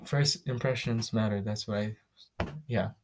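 A young man from the Philippines hosting a podcast, telling his own story in a casual, candid, profane way with quick restarts. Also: on the low side, steady tone, noisy background. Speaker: podcast host.

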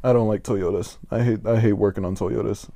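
A man's voice: fairly low pitch, fairly even intonation, fairly quick, over a noisy crowd. A young man co-hosting a podcast in casual chat, laid-back and laughing often. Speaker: podcast co-host.

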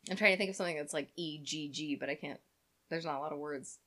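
A woman's voice: deep voice, quick pace, a bit bright. A woman co-hosting a podcast in casual comedic chat, teasing and laughing often. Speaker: podcast co-host.

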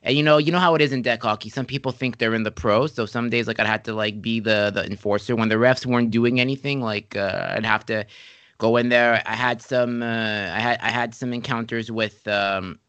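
Animated male podcast host, dry sound. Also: mid-range voice, fairly quick, smooth, no room sound. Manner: animated storyteller, acts out quotes. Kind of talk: casual interview chat.

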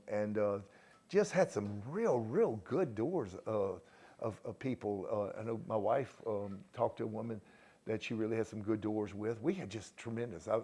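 A man leading a church gathering as pastor, praying fervently and then recounting the day's outreach, with frequent praise words and halting restarts. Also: fairly low pitch, a little mellow. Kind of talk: prayer and church testimony.

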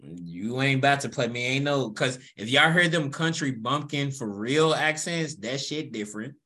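A man from Louisville with a Kentucky accent hosting a casual chat, brash and teasing, swearing freely and firing back quick comebacks. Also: medium pitch, expressive, pushed and bright.

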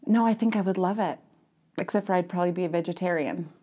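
A woman talks as a guest on a relaxed podcast. She is candid and laughs often, with casual swearing dropped into her answers. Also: on the low side, quick pace. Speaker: podcast guest, ghost hunter. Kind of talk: casual chat.

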